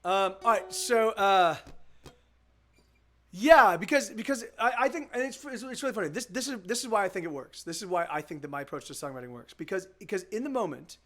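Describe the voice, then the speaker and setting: A male musician chats casually on a live stream in a high, expressive, fairly bright voice at a fairly quick pace. Laid-back and profane, he rambles, restarting sentences and repeating words often.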